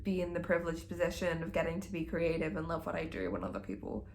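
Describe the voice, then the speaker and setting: A woman's voice: low voice, lively intonation, fast talker, gravelly, a little hiss or hum. A young woman in her early twenties chatting casually in a reading vlog, gushing and swearing freely. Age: young adult. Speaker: book vlogger.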